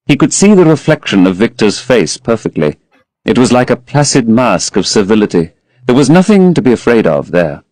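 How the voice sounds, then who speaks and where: A man narrates a classic novel as an audiobook, telling the story in a measured, expressive manner. His voice is mid-range, with no echo.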